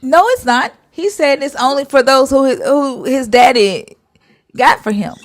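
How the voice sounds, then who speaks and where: A woman's voice: sits high, lively intonation, a little slow, no echo. A woman hosting a live stream, bluntly arguing and retelling scripture in casual slang with swearing.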